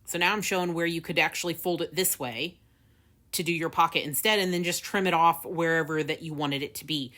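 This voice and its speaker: Woman, craft tutorial host, low-ish voice, casual and rambling with fillers. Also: steady tone, fairly quick, a bit bright. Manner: chatty, laughs often, many fillers.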